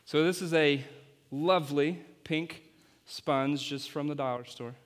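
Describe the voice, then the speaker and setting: A man's voice: on the high side, measured pace. A man, apparently a youth pastor, giving an object-lesson sermon and playfully coaching volunteers on stage. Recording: long hall reverb.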